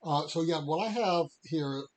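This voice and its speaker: A man co-hosting a podcast, chatting and reading passages aloud in a measured, steady way. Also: fairly high pitch, slight background noise, rough recording. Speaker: podcast co-host.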